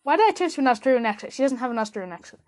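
A woman's voice: high-pitched, expressive, racing. Joking, chatty young woman host. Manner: joking, chatty, laughs often. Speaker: podcast host reacting to a debate. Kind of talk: casual chat.

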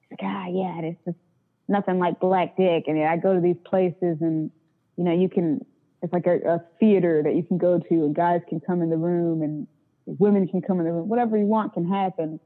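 A woman's voice: fairly low pitch, steady tone, a little fast. A woman telling candid stories about her work in a blunt, profane way. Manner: blunt and profane, acts out callers' voices. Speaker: interview guest, phone sex worker. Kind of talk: candid casual storytelling. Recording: tinny phone-like sound.

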